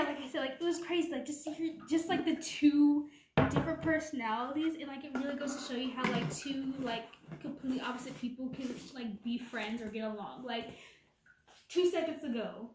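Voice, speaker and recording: High-pitched woman, rambling casual storytime, echoey room, camera set back. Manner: rambling, heavy use of "like" and "you know". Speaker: vlogger. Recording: echoey room, from a distance, faint noise.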